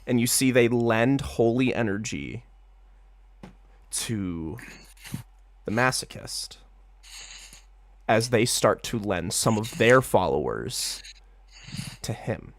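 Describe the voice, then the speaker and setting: A man narrating a tabletop game as game master in a casual, excitable way, swearing freely. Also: on the low side, slow, pauses often, no room sound.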